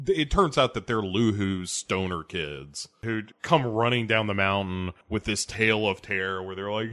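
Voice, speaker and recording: A man's voice: fairly low pitch, a little slow, few pauses, bright, forceful tone. A man co-hosting a casual film review podcast, crude and laughing through his rants.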